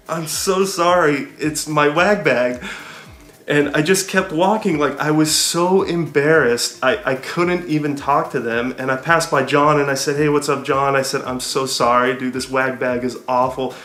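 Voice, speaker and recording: A man's voice: mid-range voice, a bit bright, roomy sound. A young adult man, a hiking vlogger, casually telling a story to camera in a chatty, self-mocking way, laughing often. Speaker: hiking YouTuber.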